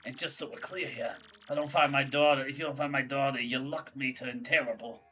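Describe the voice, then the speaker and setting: Woman as a raspy old male mob boss, slow menacing drawl, sharp tone, distant from the mic, light game music. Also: rumbling low, fairly even intonation. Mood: threatening. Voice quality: raspy Godfather-style mumble.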